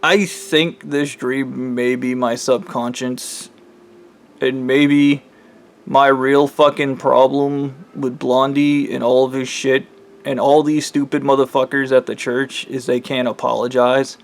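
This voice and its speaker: Man, casual vlog talk, rambling, lots of filler words, swears, mid-pitched voice. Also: level tone, slow pace, creaky. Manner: rambling with constant "like" fillers and profanity. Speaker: vlogger. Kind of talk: casual dream retelling.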